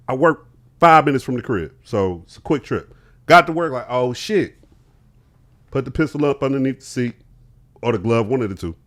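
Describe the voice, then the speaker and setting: A man's voice: on the high side, fairly bright tone. A young man animatedly telling a story on a podcast, acting out both sides of an argument with quoted voices. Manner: acts out both sides of an argument, laughing as he tells it.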